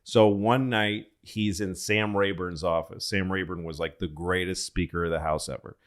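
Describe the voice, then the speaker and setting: Low-voiced man telling a rambling story. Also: fairly even intonation, moderate pace. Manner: rambling, profane, full of restarts. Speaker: comedian guest. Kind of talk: casual storytelling on a podcast.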